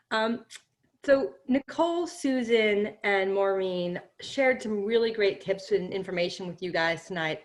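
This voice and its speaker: A woman hosting an online presentation, giving casual closing remarks to the audience over a video call. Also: mid-range voice. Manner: casual, friendly, addresses audience as "guys". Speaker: webinar host.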